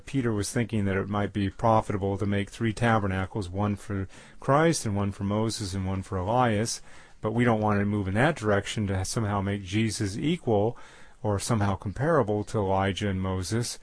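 A man giving a Bible teaching, halting often with fillers and restarts. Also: fairly low pitch, dry recording. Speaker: preacher.

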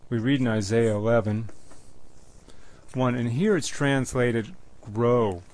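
A man preaching a sermon and teaching from the Bible, speaking in a measured, repetitive way with frequent restarts. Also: mid-range voice, darkish tone.

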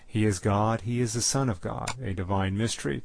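A man giving a Bible teaching, halting often with fillers and restarts. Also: fairly low pitch, creaky. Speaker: preacher.

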